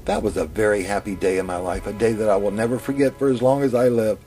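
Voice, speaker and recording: Deep-voiced man telling his memoir. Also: steady tone, fast, warm tone. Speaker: narrator of his own memoir. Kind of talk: first-person memoir storytelling. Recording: music playing under the narration.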